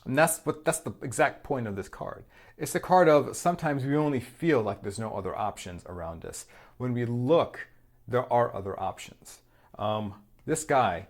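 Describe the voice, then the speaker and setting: A man's voice: mid-range voice, expressive, normal speed. A man giving a casual spoken tarot reading, rambling loosely, repeating himself and swearing freely. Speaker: tarot reader.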